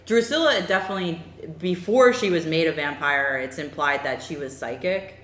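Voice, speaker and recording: A chatty woman with a low voice, talking in a loose podcast style full of ums and likes. She laughs easily as she rambles, and her voice rings in a roomy, echoey space. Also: normal speed, fairly bright tone. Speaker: podcast co-host discussing a TV show. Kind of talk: casual chat. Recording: roomy echo.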